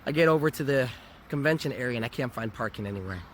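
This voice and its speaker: A man's voice: mid-range voice, animated, fast talker. A worn-out man recovering from a cold tells a candid, reflective personal story in a casual vlog. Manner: candid, reflective, laughs at himself. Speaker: vlogger. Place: outdoors near a convention area. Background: faint traffic noise.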